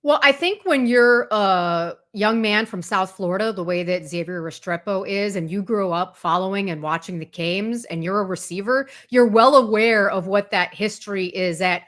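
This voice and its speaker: Speaking at a moderate pace with few pauses, this woman guest on a sports talk show covers college football in fluent detail. Her voice is mid-range and a bit bright, and she recounts anecdotes with energy.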